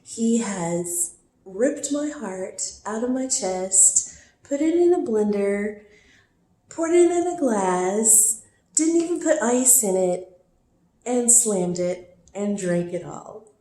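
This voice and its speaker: A woman vlogging about a painful relationship, teary and worn from crying, talking in a raw, rambling way with throat-clearing. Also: mid-range voice, lively intonation, slow pace, dark tone, roomy sound. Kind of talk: emotional personal vlog confession.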